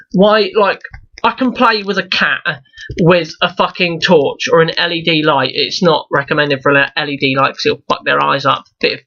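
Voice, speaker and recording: A man's voice: on the high side, pushed and bright, highs cut off. A young man ranting in a profane, rambling review vlog, exasperated and full of restarts. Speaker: YouTube reviewer.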